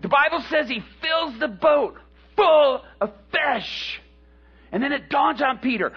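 A man preaching a sermon, retelling a Bible story in an animated, dramatic way, on a dull lo-fi recording. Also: very high-pitched, a little slow.

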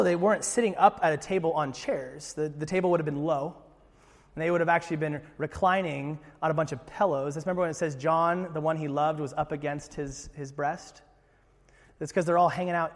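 Male pastor, high voice, casual animated sermon delivery, echoing church hall. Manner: conversational, animated storytelling, frequent "right?" asides.

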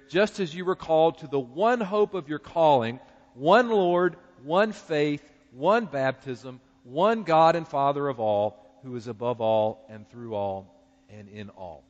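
A middle-aged man with a Southern accent preaches in a high, light voice, building to emphatic, animated points with a touch of humor. His voice rings through a large church hall with a long echo, and the audio sounds muffled and dull. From North Carolina. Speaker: pastor. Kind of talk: sermon. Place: church sanctuary.

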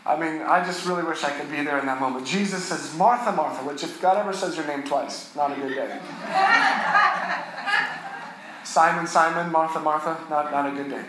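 A male pastor with a high, bright voice preaches an earnest sermon at normal speed, his pitch swinging widely. He swells on important lines and drops soft and low for tender moments. The sound rings through a very echoey church hall over faint underlying noise.

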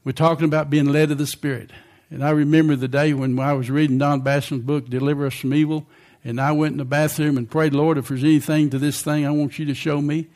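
A man's voice: fairly high pitch, little pitch movement, quick pace, few pauses, darkish tone. An older man preaching a sermon in a conversational way, often asking the congregation questions.

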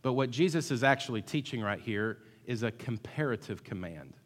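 A male pastor delivers a sermon in an emphatic way, repeating his key words and at times urging the congregation to answer him. His voice sits in a middle pitch. The sound carries the long reverb of a church hall. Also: animated, moderate pace. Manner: emphatic, builds to loud call-and-response, repeats words. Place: church sanctuary.

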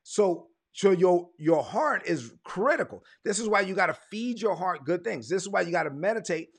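A man from Brooklyn, preaching a sermon in an emphatic, repetitive way and slowing down to stress his points. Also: high-pitched, expressive, husky. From Brooklyn, United States.

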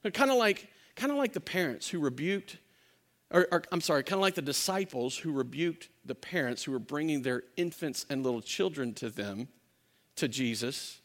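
Preaching a sermon at normal speed, this pastor has a man's voice on the high side. His storytelling is animated: he performs the quotes himself and often starts sentences over.

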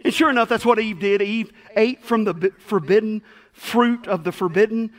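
A man's voice: high-pitched, moderate pace. Folksy preacher, man. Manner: folksy, animated, acts out quotes. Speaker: pastor. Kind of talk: storytelling sermon.

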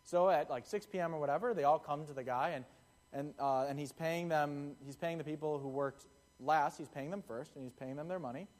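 A man's voice: on the high side, fairly quick, darkish tone. A young man giving a casual, conversational sermon, acting out the voices in the stories he tells. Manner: conversational, acts out quotes in the parable. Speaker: preacher.

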